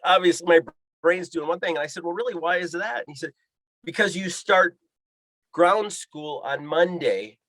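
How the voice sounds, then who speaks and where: Pitched high with a fairly bright tone, a man speaks at a moderate pace in a dry recording. He's a pilot and fishing guide guesting on a podcast, telling a lively story and acting out each voice in the quoted dialogue.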